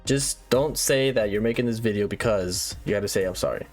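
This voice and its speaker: A man hosting a satirical tutorial monologue, mock-serious and lively, checking in with "all right?" again and again. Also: medium pitch, a little fast, faint music behind. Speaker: comedic YouTuber host.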